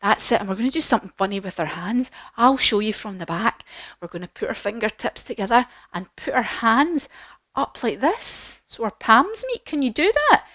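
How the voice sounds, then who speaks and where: A woman leading a children's yoga class as a story, animated and encouraging, with gasps and questions. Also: fairly high pitch, moderate pace, dry recording. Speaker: kids yoga teacher.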